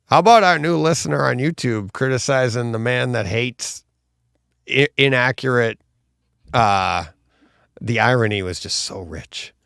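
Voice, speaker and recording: A man's voice: medium pitch, measured pace, gravelly, a bit bright, clear, resonant tone, no room sound, studio quality. A man co-hosting a live-streamed podcast, chatting casually in a rambling, self-deprecating way and laughing often. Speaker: podcast co-host.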